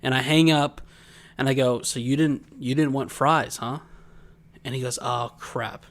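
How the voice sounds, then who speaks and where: A man's voice: mid-range voice, fairly even intonation, normal speed. Rambling, laughing male podcast host. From Georgia, USA. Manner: rambling storyteller, laughs often. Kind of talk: casual chat.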